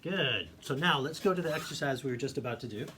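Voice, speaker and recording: Man, vocal coach, calm step-by-step instructions, bright tone, slight background hiss. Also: mid-range voice, fast talker. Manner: demonstrates hums and vocal sounds. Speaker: voice teacher. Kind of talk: guided singing warmup. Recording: faint background noise.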